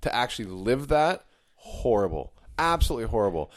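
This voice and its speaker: A man's voice: medium pitch, sing-song, brisk. A man co-hosting a podcast in casual chat, joking and chatty. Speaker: podcast co-host.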